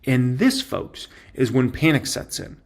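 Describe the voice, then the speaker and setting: A man giving casual stock market commentary in an emphatic, excitable way, repeating his points for effect. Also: mid-range voice, unhurried, gravelly, husky.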